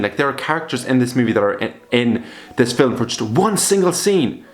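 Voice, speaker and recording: A man's voice: medium pitch, very animated, fairly quick. A young man chatting casually to camera, rambling and swearing freely as he talks about old horror films. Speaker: video creator reviewing films. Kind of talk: casual vlog commentary.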